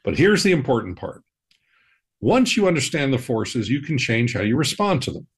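A man hosting a money podcast, explaining personal finance in a measured, reassuring way. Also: medium pitch, very animated, breathy edge. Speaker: financial advisor, podcast host. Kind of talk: scripted personal-finance talk.

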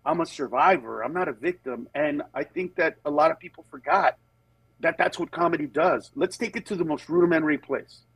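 A man, a comedian, talking in a casual podcast conversation, telling animated stories, slipping into quick character voices, and turning earnest and emphatic on serious points. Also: a little high, husky, no echo, poor audio. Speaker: stand-up comedian guest.

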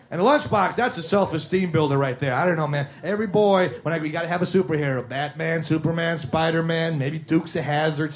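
A middle-aged man doing self-mocking, nostalgic stand-up and chatting with the crowd. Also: a little high. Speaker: stand-up comedian. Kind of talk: stand-up comedy routine.

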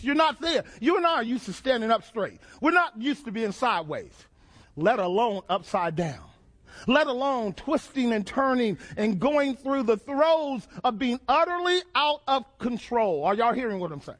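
High-pitched guy preaching, dramatic, keeps asking the crowd questions. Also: expressive, moderate pace, fairly bright tone. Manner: dramatic, call-and-response questions, repeats phrases. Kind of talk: sermon.

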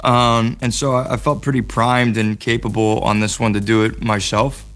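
An American actor speaking as an interview guest, laid-back and playful, with casual slang and many fillers. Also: male voice, medium pitch, flat delivery, moderate pace, fairly bright tone, faint music behind.

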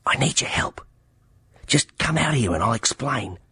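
A man's voice: sits high, sing-song, measured pace, breathy edge, no echo, pitched above the performer's own voice, full character voice. A man voicing an urgent teenage boy who whispers through a window in an audiobook reading. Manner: hushed, pressing whisper.

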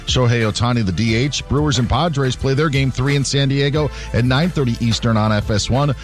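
A man reading a sports news update in a brisk newsreader manner. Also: mid-range voice, soft background music.

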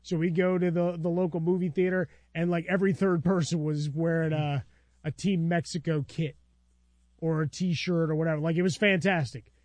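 A man's voice: a little high, steady tone, normal speed, a little mellow, no room sound. A middle-aged man co-hosting a sports radio show, telling stories in a wry, casual way. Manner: storytelling, wry. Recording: dry studio sound.

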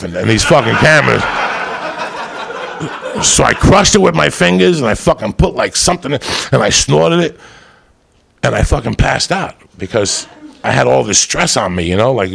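A middle-aged man doing stand-up, telling a rowdy, profane story and swinging up to loud shouts. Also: mid-range voice, animated, moderate pace, a little hiss or hum. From New Jersey area. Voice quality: gravelly. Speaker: stand-up comedian.

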